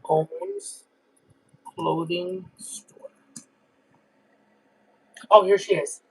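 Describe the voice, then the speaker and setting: A man's voice: high-pitched, very animated, very slow, gravelly, breathy edge, full character voice, poor audio. A man voicing a brash, crude trailer-park woman smoker who rambles through gossip in a comedic character monologue.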